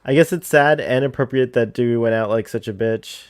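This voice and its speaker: A man's voice: medium pitch, brisk, smooth. A man chatting casually and joking while watching a movie with a friend. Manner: joking, laughs often. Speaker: co-host. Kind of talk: casual watch-along chat.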